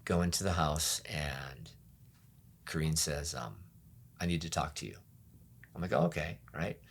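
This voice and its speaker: A man with a very deep, low voice, speaking as a pastor in a sit-down interview. He tells his story candidly and softly, often trailing into a murmur, and briefly acts out what others said to him. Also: measured pace, gravelly, husky. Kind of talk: personal testimony interview.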